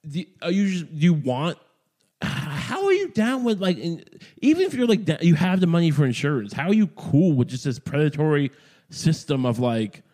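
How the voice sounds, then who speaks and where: A man's voice: fairly high pitch, big pitch swings, moderate pace, warm tone. A man hosting a podcast, talking in a meandering, profane comedic monologue full of restarts and asides. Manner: profane, meandering, self-interrupting. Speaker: podcast host.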